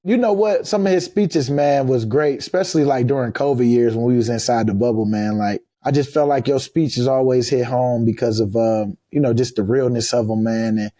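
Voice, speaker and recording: A man in his thirties chatting casually as a podcast guest, loose and drawling, breaking into high loud laughs. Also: normal speed, few pauses, dry recording, studio quality. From United States. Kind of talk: casual chat.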